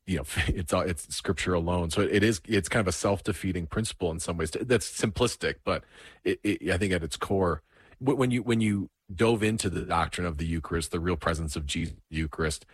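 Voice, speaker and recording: A man's voice: deep voice, brisk, slightly rough, no echo. A man hosting a casual interview, asking thoughtful questions and affirming his guest. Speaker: host.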